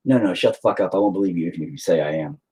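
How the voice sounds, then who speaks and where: Husky, rambling man chatting while he paints. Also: deep voice, fast talker, a little mellow. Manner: rambling, sarcastic, self-mocking and profane. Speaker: painting livestream host. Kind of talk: casual chat while painting. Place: at home.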